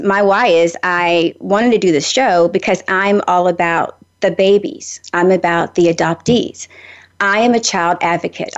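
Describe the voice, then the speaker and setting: A middle-aged woman from Nashville, speaking in a Southern accent, hosts a radio talk show. She chats on and on in a friendly, storytelling way. The audio sounds a little dull, like it came over the radio. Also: on the low side. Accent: Southern American. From Nashville, Tennessee. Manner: talkative, animated storyteller. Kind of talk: chatty radio monologue.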